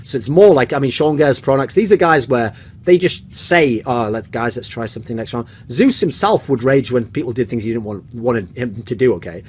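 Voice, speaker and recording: A man giving blunt, animated opinions on a podcast, swearing freely and punctuating points with "okay?". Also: mid-range voice, normal speed, slight background noise. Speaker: esports podcast host.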